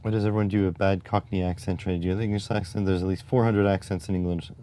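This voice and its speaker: A man's voice: low voice, fairly even intonation, quick pace, warm tone. A man hosting a casual livestream, talking in a rambling, wry, conversational way and answering his chat. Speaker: livestream host.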